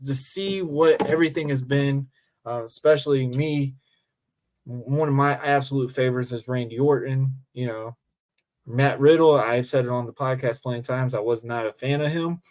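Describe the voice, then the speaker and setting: Excited, rambling man talking wrestling. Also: mid-range voice, normal speed. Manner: enthusiastic, rambling, says "man" often. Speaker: pro wrestler guest. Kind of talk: casual podcast chat.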